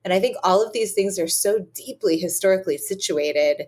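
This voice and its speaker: A woman's voice: medium pitch, brisk, a little mellow. A woman in her forties, a historian guest on a podcast, chatting eagerly with lots of fillers. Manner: enthusiastic, chatty, many "like" and "um". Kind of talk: casual chat.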